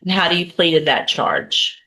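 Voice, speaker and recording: A woman's voice: fairly low pitch, moderate pace, pushed and bright. A woman judge presiding over a courtroom hearing, reading charges in a methodical, procedural way and thinking aloud as she sorts through the case papers.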